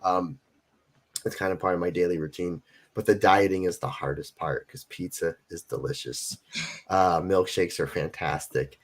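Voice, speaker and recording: A man in his forties with a fairly low voice speaks as an interview guest. He talks emphatically and hammers points home by repeating them. It is loose, casual conversation. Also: normal speed. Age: 40s. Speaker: guest wrestler.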